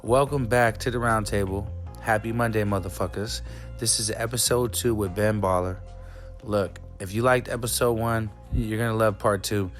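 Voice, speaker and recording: A man's voice: lowish voice, fairly even intonation, normal speed, soft background music. A man hosting a podcast, laid-back and slangy, cursing casually as he opens the show. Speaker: podcast host. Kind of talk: casual podcast intro and chat.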